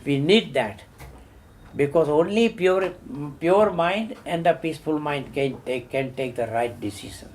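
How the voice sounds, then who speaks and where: A man's voice: a little high, measured pace, a little hiss or hum. An older man speaking as an activist in an impassioned talk, emphatic, repeating words and rising sharply on his questions. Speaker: Hindu activist.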